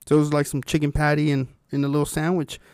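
A man's voice: a little high, little pitch movement, fast, a little mellow, smooth, no echo, studio quality. A young man in casual chat, joking and chatty, laughing often.

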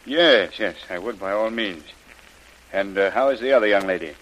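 An actor playing a concerned middle-aged governor, measured and paternal with hesitant pauses, in a hissy old radio drama. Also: male voice, fairly low pitch, fairly bright tone, muffled recording, lightly acted. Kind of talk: 1930s radio drama acting.

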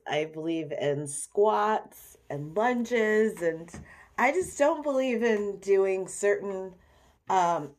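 A young adult woman hosting a solo podcast, talking in a chatty, candid and self-deprecating way. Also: mid-range voice. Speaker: podcast host. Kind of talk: casual solo podcast chat.

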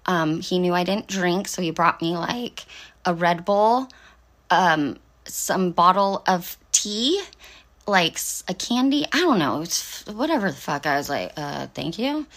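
A woman's voice: on the low side, animated, a little slow, a bit bright. A middle-aged woman telling a rambling, sarcastic story in a casual vlog rant, full of profanity and fillers. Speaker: vlog host.

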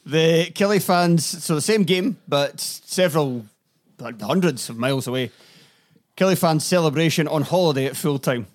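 A man on a podcast, reading items out and adding dry, deadpan quips. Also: a little high, normal speed. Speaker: podcast guest. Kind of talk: casual chat.

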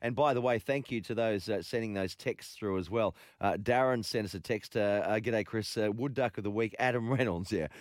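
A man's voice: on the low side, fairly quick, hardly any pauses, no room sound, studio quality. A man with an Australian accent hosting late-night sports radio, casual and rambling, with lots of ums and uhs. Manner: laid-back, rambling, full of ums and uhs. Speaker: radio host. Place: radio studio.

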